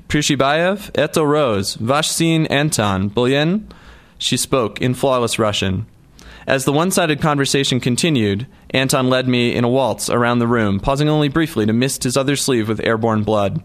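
In measured storytelling fashion, a male narrator performs a novel as an audiobook. The delivery is scripted, and his voice sits at a medium pitch.

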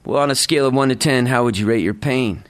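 A man voicing a blunt, caring middle-aged woman nurse who talks in a brisk, no-nonsense way. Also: mid-range voice, lightly acted.

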